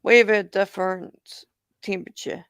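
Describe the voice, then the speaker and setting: A man's voice: high-pitched, steady tone, normal speed, a bit bright, clean tone, no room sound. A man, chatting casually on a live panel and swearing bluntly. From New Zealand. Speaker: panel guest. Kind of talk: casual chat.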